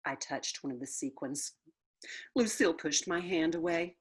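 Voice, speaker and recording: A woman reading a children's book aloud with playful, expressive storytelling. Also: low voice, moderate pace, husky. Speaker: storybook reader.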